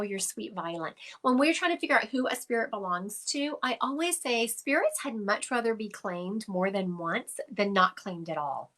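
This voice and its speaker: A chatty woman with a slightly raised pitch, talking straight to her viewers on a phone live stream. She speaks in an emphatic, affectionate way, calling people honey and ma'am as she passes on her readings. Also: bright, forceful tone. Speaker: psychic medium.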